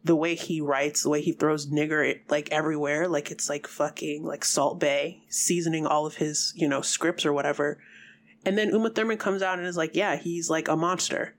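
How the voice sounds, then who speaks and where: Casual podcast co-host, blunt and emphatic, mid-pitched voice. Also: steady tone, moderate pace. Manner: blunt, swears freely, emphatic. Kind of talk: casual chat.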